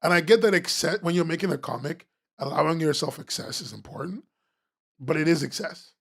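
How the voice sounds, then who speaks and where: A man's voice: a little high, animated, a little fast, creaky, a bit bright, slightly rough. A man hosting a webcomics podcast, ranting sarcastically as he critiques comic pages, swearing and laughing.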